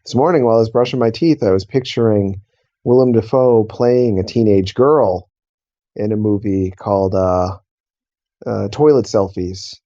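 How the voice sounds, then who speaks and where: A man co-hosting a comedy podcast, making dry, deadpan asides. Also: on the low side, normal speed, dull audio. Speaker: podcast co-host.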